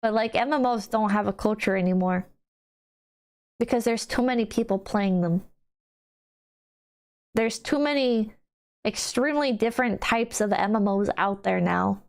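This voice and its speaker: A woman's voice: mid-range voice, moderate pace, pauses often, a little mellow. A woman streamer chatting casually with her viewers, blunt and wry, with frequent swearing. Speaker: streamer reading chat. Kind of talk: casual livestream chat.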